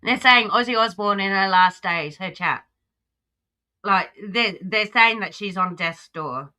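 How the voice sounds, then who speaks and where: A woman's voice: medium pitch, unhurried, sharp tone. An Australian woman hosting a livestream, chatting casually and talking back at the clip she reacts to. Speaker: livestream host.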